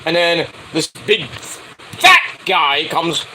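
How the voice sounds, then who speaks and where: A man's voice: on the high side, sing-song, very slow, pushed and bright, a little hiss or hum, rough recording. A middle-aged man telling a rambling casual story, full of filler words and restarts, acting out the lines he quotes. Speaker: wrestling show reviewer.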